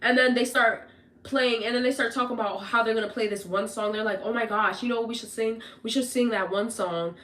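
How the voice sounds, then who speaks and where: A young woman casually telling a personal story to her viewers, animated, swearing often and tagging lines with "whatever" and "right?". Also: on the high side, fairly quick.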